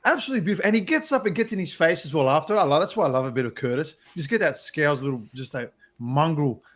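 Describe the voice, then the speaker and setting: Liverpool-accented male guest, elated, animated delivery. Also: a little high, fast. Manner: elated, laughing, emphatic. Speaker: podcast guest. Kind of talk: casual chat.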